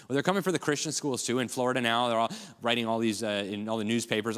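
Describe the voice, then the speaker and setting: A man's voice: medium pitch, lively intonation, very fast, hardly any pauses, fairly bright tone. A man giving an impassioned, rallying speech at a conference, addressing the crowd as folks. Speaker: conference speaker. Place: large conference hall. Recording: long hall reverb.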